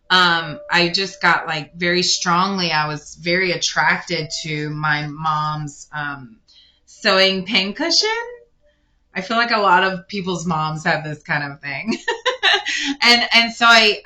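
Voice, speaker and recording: A woman giving a casual spiritual card reading, rambling and correcting herself as she speaks straight to the listener. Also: fairly low pitch. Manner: rambling, self-correcting, warm addressing of listener. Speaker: tarot card reader.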